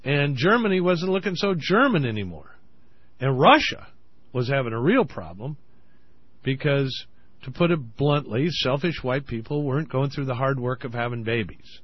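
A man's voice: medium pitch, sing-song, moderate pace, husky, no room sound, dull audio. A man in a played interview clip, talking earnestly with many ums and uhs. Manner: hesitant, many fillers, earnest. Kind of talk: interview talk.

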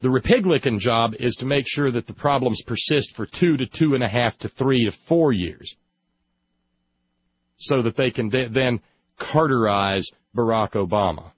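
A man hosting a political talk show, sarcastic and emphatic, slowing down to stress his points. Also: mid-range voice, breathy edge, no room sound, lo-fi sound. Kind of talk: opinionated political commentary.

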